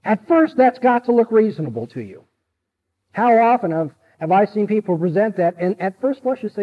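A man's voice: sits high, big pitch swings, normal speed, long pauses, husky, highs cut off. A man giving a classroom lecture, emphatic and repeating key sentences so students can note them.

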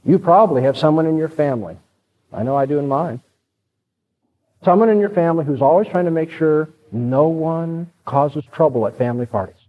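A male preacher delivers a sermon in an earnest, direct manner, walking listeners through his point. His voice runs fairly high. The recording sounds dull and lo-fi. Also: brisk, in a large hall.

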